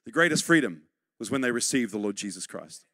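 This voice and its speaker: A middle-aged man preaching a sermon, urging and repeating points for emphasis, then dropping to quiet, close tones. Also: mid-range voice, expressive, a little fast, dry recording.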